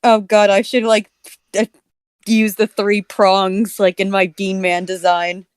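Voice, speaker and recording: A woman in casual joking chat with friends, teasing them and quick to laugh. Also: medium pitch, little pitch movement, clean tone, dry recording. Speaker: co-host reading a story aloud with friends.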